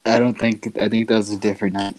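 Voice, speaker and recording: A young man guesting on a podcast, telling a wildly exaggerated story with a straight, deadpan delivery. His voice sits somewhat low. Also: quick pace, no room sound. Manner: deadpan teller of exaggerated tall tales, laughs at his own jokes. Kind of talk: casual chat.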